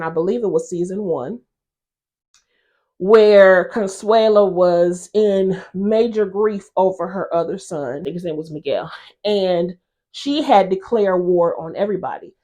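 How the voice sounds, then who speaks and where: A woman hosting a casual episode recap, chatty and expressive as she retells the characters' quarrels. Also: on the low side, measured pace. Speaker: host recapping a TV drama episode.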